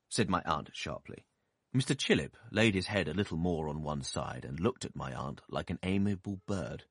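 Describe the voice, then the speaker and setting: Brief: deep-voiced man narrating a classic novel, expressive and lively in pitch. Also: husky, dry recording, clean studio sound. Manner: expressive, measured storytelling. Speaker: audiobook narrator.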